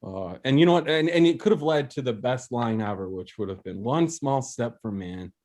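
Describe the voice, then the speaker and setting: A young man performs a loose, rambling comedy bit as host of an online open mic. He keeps mocking himself and breaking into laughter, heard through a video call, his pitch sitting in an ordinary middle range. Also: a little fast, a little mellow. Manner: rambling, self-mocking, frequent laughter and restarts.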